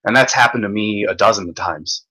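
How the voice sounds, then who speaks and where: Bright-voiced man rambling in a casual rant. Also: lowish voice, breathy edge, poor audio. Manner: rambling, halting, laughs often. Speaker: podcast host.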